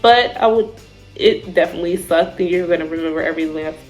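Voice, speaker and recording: A young woman telling, in a casual vlog, about her time in Army basic training, with frequent fillers and lively drill-call shouts. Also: lowish voice, fast talker, faint music behind, low-quality recording. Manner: animated storyteller, shouts out drill calls; says "like" and "I remember" often.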